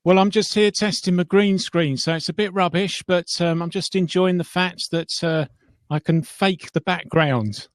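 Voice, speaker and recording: A man's voice: sits high, steady tone, moderate pace, no room sound, studio quality. A man with an English accent, a guest on a casual livestream, polite and self-deprecating, chuckling often. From England.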